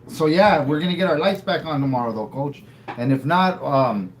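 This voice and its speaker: A man's voice: on the high side, normal speed, low-quality recording. A man co-hosting a casual livestream, rambling and laid-back, tagging sentences with "eh". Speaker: livestream co-host.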